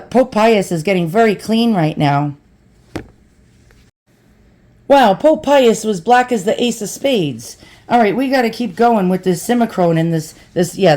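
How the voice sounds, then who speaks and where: A woman's voice: mid-range voice, darkish tone. A woman in her forties, rambling and chatty as she talks through an unboxing vlog at home, calling her viewers boys and girls. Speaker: vlogger.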